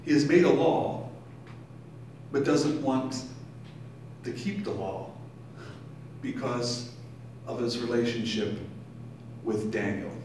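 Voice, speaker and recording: In a brewery taproom, a male pastor reads scripture aloud and then pauses to explain it during his sermon. His medium-pitched voice is expressive with a darkish tone, and there's a little hiss or hum. The room is very echoey and the mic sits at a distance.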